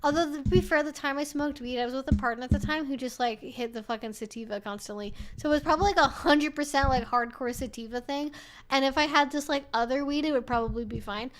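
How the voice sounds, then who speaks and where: A woman's voice: sits high, fast talker. A woman hosting a live stream, answering viewer questions in a casual, chatty way. She swears freely, fills her talk with "like", and laughs often between remarks.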